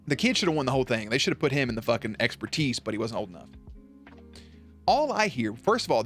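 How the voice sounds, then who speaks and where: A man chatting casually on a live stream, animated and profane, with sudden jumps up in pitch.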